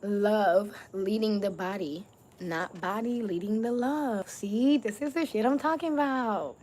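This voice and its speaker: Woman tarot reader, casual and profane, laughs a lot, leans on drawn-out words; mid-range voice, slight hiss behind. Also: medium pitch, darkish tone. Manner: slangy, profane, laughs often. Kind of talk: casual spiritual tarot reading.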